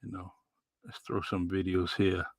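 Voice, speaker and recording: A man with a New England accent hosting a podcast in a relaxed, rambling way with many fillers. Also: low-pitched, a little slow, dry recording. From New Bedford, Massachusetts. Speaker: podcast host. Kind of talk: casual live-stream chat.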